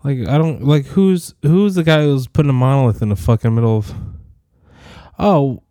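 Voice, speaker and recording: A man's voice: medium pitch, normal speed, warm tone, dry recording, clean studio sound. A man in his twenties, sick and coughing, rambling through a profane solo audio diary that drifts from topic to topic. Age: 20s.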